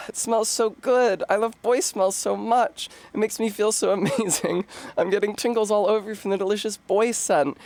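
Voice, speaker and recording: A man's voice: sits high, steady tone, normal speed, darkish tone, no room sound, pitched above the performer's own voice. A man voicing a giddy young girl swooning over a boy's scent, reading it as a comic meme in a breathless, over-the-top way.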